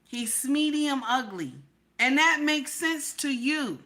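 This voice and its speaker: Emphatic woman reacting, bright voice. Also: sits high, animated, slow pace. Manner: blunt, emphatic, repeats "Okay?". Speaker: reaction commentator. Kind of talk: reaction commentary.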